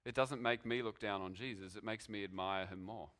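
A man's voice: lowish voice, steady tone, a little fast, fairly bright tone. A man preaching a sermon, telling it as a story with dramatic rhetorical questions. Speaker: pastor.

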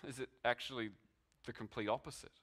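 A man's voice: medium pitch, steady tone, fairly quick, a bit bright. A man preaching a sermon, telling it as a story with dramatic rhetorical questions. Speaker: pastor.

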